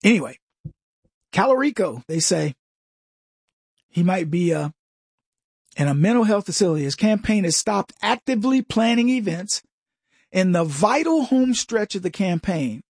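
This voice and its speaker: Man, husky, dry close sound, mocking political talk, chuckling asides. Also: high-pitched, very animated, moderate pace, long pauses, no room sound. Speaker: political commentary host. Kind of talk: casual political commentary monologue.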